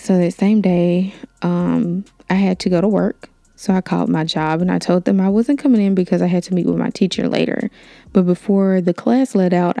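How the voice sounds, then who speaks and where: A young woman hosting a podcast, telling a story in a casual, animated way with lots of fillers. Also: fairly low pitch, creaky, no room sound. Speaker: podcast host. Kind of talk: storytime monologue.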